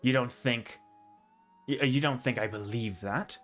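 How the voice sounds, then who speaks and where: A blunt, grumpy orc woman who runs her camp with curt orders, as a man puts her on. The voice has a bright, forceful edge at an ordinary pitch. Faint music plays behind it. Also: a little slow, close to an everyday voice. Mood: dismissive.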